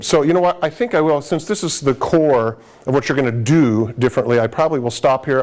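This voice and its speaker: A man's voice: mid-range voice, a little mellow. A man giving a conversational live lecture to paramedics, stressing key points with frequent restarts. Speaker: emergency medicine lecturer.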